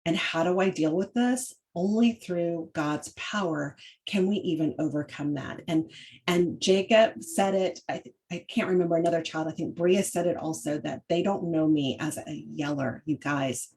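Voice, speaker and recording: A middle-aged woman talks about parenting and faith in a loose, chatty way, often stopping to restart her sentences. Her voice sits a little low for a woman. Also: normal speed, darkish tone. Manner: chatty, with frequent fillers and restarts. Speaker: podcast host. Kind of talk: casual faith-based parenting talk.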